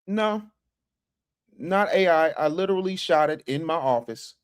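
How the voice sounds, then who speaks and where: A man's voice: fairly high pitch, lively intonation, measured pace, smooth. A man hosting a casual livestream, talking to his chat in slang and reading out super chats from his office. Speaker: livestream host.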